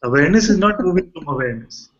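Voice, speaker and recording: A man teaching at a satsang, calm and repetitive, gently explaining. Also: fairly high pitch, very fast, highs cut off. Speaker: spiritual teacher. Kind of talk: satsang dialogue.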